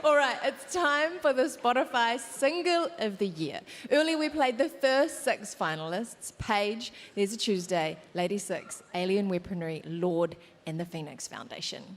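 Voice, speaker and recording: A woman with a New Zealand accent presenting at an awards ceremony, chatty and quick to laugh off slips. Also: medium pitch, animated. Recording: echoing hall with background noise.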